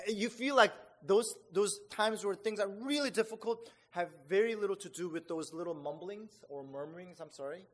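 A man delivering a sermon in a fairly high voice that carries a long hall reverb. He talks conversationally, stumbling over restarts and fillers, then jumps up in pitch to act out his reactions. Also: normal speed. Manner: animated, acts out reactions with rising pitch. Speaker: pastor.

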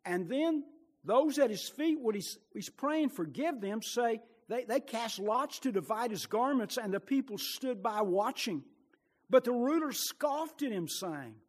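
A man preaching a sermon with passion, rising to loud bursts and dropping to quiet, low asides. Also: animated, measured pace, big-room sound.

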